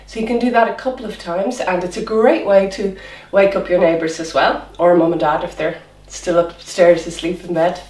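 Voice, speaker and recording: A woman teaching a children's drama class online, encouraging them through voice and movement warm-ups. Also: fairly low pitch, fairly even intonation, moderate pace, roomy sound, recorded from a distance. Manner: encouraging, demonstrating vocal exercises.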